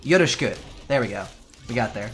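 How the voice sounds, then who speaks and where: Brief: male game streamer, mid-pitched, swears a lot, rants loudly, then reads chat. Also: fast talker. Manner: profane, animated ranting; chatty, reads and answers chat. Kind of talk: casual live-stream chat.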